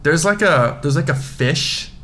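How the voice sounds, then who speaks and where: A man's voice: a little high, expressive, unhurried, fairly bright tone, slight background noise. A young man co-hosting a casual chat, laid-back and dry, rambling through his stories.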